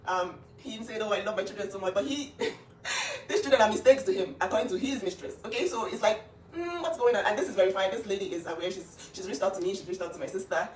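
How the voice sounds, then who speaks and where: A woman's voice: mid-range voice, fast talker, roomy sound, recorded from a distance, a little hiss or hum. A woman speaking up for her younger sister in an emphatic, insistent casual talk. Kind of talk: emotional casual talk to camera.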